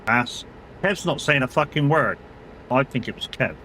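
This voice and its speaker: A man's voice: medium pitch, expressive, normal speed, pushed and bright, a little hiss or hum. A man streaming a game live, chatting casually, swearing freely and bantering with his chat. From United Kingdom.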